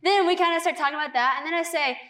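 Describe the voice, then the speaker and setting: A woman's voice: very high-pitched, racing, bright, forceful tone. A twenty-year-old woman sharing her faith story as a guest, earnest and chatty, with lots of "like.". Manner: earnest, chatty, heavy use of "like". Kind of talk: faith testimony in conversation.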